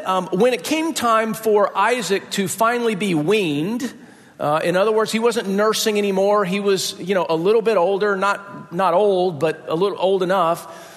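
High-voiced pastor in a reverberant hall. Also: male voice, a bit bright. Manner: conversational storytelling, asks the congregation "right?". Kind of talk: sermon.

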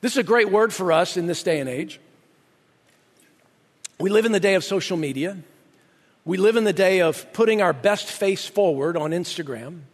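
A male pastor delivers an emphatic sermon in a strikingly high voice. He reads scripture aloud with building conviction. His voice rings through a hall with a long reverb tail. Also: expressive, moderate pace, pauses often.

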